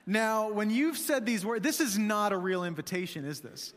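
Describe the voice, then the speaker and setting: A man's voice: sits high, normal speed, hardly any pauses, a bit bright, long reverb tail. A man preaching a sermon as pastor, in a conversational manner, often asking the room rhetorical questions.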